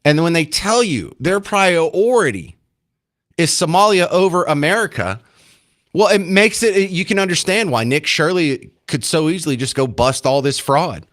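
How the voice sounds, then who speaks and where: A man's voice: on the high side, expressive, moderate pace, fairly bright tone. A man hosting a talk radio show, giving emphatic, indignant commentary.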